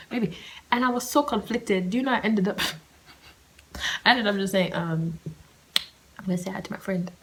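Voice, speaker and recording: A woman's voice: medium pitch, poor audio. A young woman telling a story on her solo podcast, chatty and slangy, often dropping into a whisper. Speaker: podcast host.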